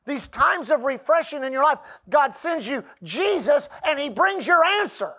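A man preaching a sermon, reading scripture slowly and calling out to the congregation for responses. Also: extremely high pitch, lively intonation, pushed and bright. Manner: preaching with rising emphasis and call-and-response; reads scripture aloud slowly. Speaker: pastor.

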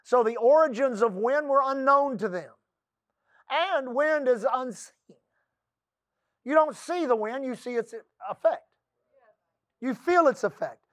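High-voiced Texas preacher, folksy sermon. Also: male voice, expressive, measured pace, long pauses, no echo. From Texas coast. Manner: folksy, calls for amens, drops to soft low voice for quotes. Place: church.

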